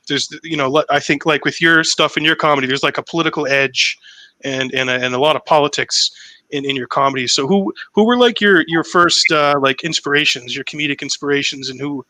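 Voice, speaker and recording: A man's voice: mid-range voice, brisk, bright, forceful tone, dry recording, low-quality recording. A young man hosting a casual interview, telling stories energetically and swearing freely. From Massachusetts, US. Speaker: host.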